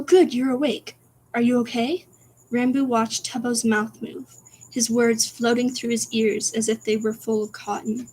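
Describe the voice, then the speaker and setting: A woman streamer reads her own spooky story aloud in a soft, whispery, slightly high voice, breaking off for giggly asides to chat.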